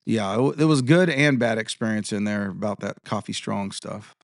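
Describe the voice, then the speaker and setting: A man's voice: fairly low pitch, fairly even intonation, normal speed, gravelly, no echo, studio quality. A man in his fifties, a guest in an interview, telling rambling anecdotes in a casual way and acting out the dialogue he quotes. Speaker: interview guest, tribal chairman and contractor.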